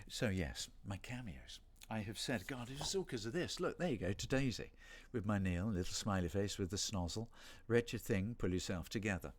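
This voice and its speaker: A middle-aged man from Britain chatting casually on a livestream signing session, rambling and self-deprecating with playful asides. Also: on the low side. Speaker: voice actor hosting a signing stream.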